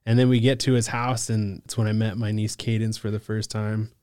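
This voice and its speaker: A man's voice: fairly low pitch, little pitch movement, fairly quick, mellow, smooth, no echo, studio quality. Laid-back man telling his story. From Alaska. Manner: laid-back, lots of "like" and "bro", laughs often. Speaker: podcast guest, case manager. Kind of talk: casual storytelling about recovery.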